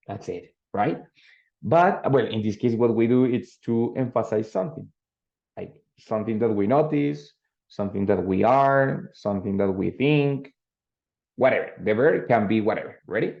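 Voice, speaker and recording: English teacher guy, patient, keeps asking "no?", dark mellow voice. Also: medium pitch, creaky. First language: Spanish. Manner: explains patiently, checks in with "no?" and "ready?". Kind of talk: online English grammar lesson. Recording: dull lo-fi sound.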